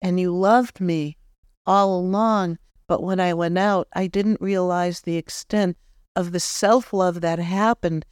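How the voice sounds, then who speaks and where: A woman's voice: fairly low pitch, steady tone, a little slow, a little mellow, clean tone, dry recording, clean studio sound, close to an everyday voice. A woman medium speaking as the spirit of a cocky, loving young man, earnest and reflective, with some self-mocking jokes. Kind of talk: channeled spirit talk.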